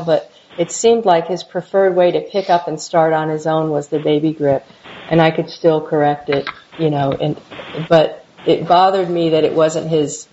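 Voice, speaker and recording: Middle-aged woman, low mellow voice, halting reflective interviewee, dull lo-fi recording with faint hiss. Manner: halting, reflective, many restarts. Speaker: interviewee, mother. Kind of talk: personal recollection interview.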